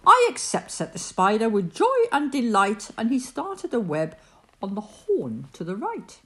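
Woman, bedtime story reading, animated, rhyming read-aloud, wildly varied pitch. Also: a little slow.

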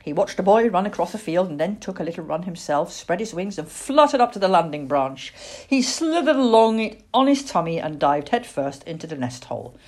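A woman reads a children's storybook aloud, gentle and expressive. Her voice sits low and breathy, and her pitch moves very widely from line to line. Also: brisk.

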